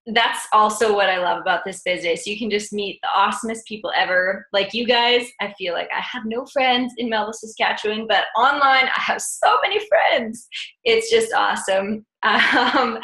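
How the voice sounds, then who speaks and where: Gushing Canadian woman, bright voice. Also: mid-range voice, echoey room. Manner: gushing, enthusiastic. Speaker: team leader hosting the call. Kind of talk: team call, casual chat.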